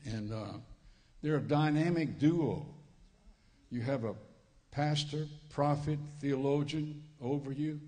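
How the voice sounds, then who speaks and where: A man's voice: on the high side, slow, dark tone. A man with a Cajun accent from Louisiana preaching a sermon as a visiting preacher, folksy and joking, repeating his phrases, on a church microphone. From Louisiana Cajun country. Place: church sanctuary. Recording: reverberant church hall.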